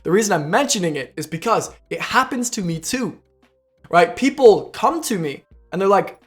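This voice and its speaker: A man's voice: sits high, expressive, moderate pace, faint music behind. A man who coaches a video game, talking casually and explaining to viewers, often checking in with "right?". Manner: conversational, repeats "right?" and "like". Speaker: League of Legends coach. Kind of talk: casual explanatory talk to camera.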